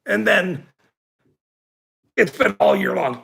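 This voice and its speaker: Gravelly, bright-toned man streaming to his viewers: profane, rambling, laughs a lot, swings from a slow drawl to shouting. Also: medium pitch, expressive. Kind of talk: angry ranting then casual chat.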